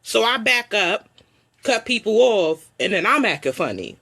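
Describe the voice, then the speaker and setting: A woman's voice: medium pitch, big pitch swings, moderate pace, sharp tone. A woman hosting a live online show, venting her frustration in an emotional, repetitive personal rant.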